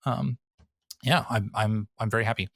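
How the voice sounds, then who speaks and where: Man, podcast host, low-pitched, rambling casual chat, dry close mic. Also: steady tone, moderate pace, creaky, fairly bright tone, husky, no room sound. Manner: rambling, laughs often, many fillers.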